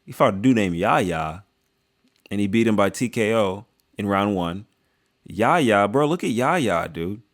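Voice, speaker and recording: Slangy joking young man, lower voice. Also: lively intonation, a little slow. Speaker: video creator reviewing fights. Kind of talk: casual reaction commentary.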